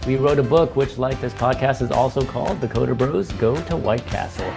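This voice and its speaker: A man co-hosting a casual podcast, lively and teasing, laughing often. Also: mid-range voice, a little fast, gravelly, over music. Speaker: podcast co-host.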